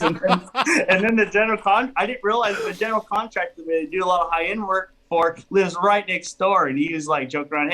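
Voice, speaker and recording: Lively man telling funny stories. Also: on the high side, brisk, rough recording. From California, US. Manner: animated storyteller, laughs often. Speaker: flooring business owner, podcast guest. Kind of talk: casual storytelling chat.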